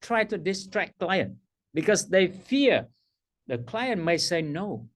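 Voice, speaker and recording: A man's voice: high-pitched, big pitch swings, slow. A middle-aged man teaching a coaching workshop, emphatic, repeating his key phrases and laughing at himself. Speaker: coaching trainer.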